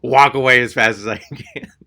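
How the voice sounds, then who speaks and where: A man's voice: medium pitch, fairly even intonation, normal speed, pushed and bright. A man from Texas doing stand-up comedy, telling an exasperated story.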